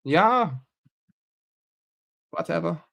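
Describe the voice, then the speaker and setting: Profane, animated football streamer, man. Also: fairly high pitch, very slow, creaky. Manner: animated, profane banter with chat. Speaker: livestream host. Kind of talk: casual live-stream chat.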